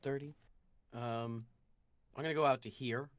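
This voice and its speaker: A man's voice: mid-range voice, fairly even intonation, normal speed, no echo. A man playing a druid in a tabletop game, thinking aloud hesitantly as he plans his turn. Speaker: player, druid. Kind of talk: casual tabletop game play.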